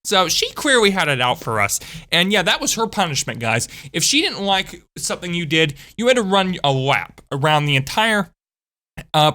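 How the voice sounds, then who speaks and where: Animated woman telling a school story. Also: low-pitched. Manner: animated, chatty storytelling with asides. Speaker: channel host. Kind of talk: storytime vlog.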